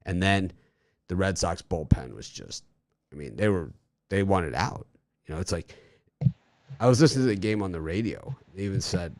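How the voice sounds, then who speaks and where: A man hosting a sports betting show, chatting casually and rambling through stories with animated energy. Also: deep voice, normal speed, long pauses, no room sound, studio quality.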